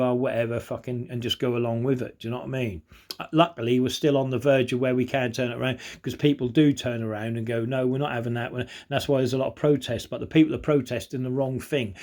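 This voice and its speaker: A man's voice: medium pitch, darkish tone. Rambling man reading lists aloud. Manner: conspiratorial, repeats "do you know what I mean". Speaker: vlogger. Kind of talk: rambling monologue reading out a list.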